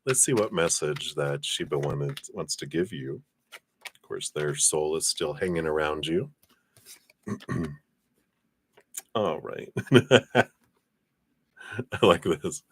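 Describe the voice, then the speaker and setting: Deep-voiced man giving live tarot readings. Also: slow, long pauses, breathy edge. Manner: chatty, reads viewer names and passes on spirit messages. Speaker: tarot reader. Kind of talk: live-stream card reading.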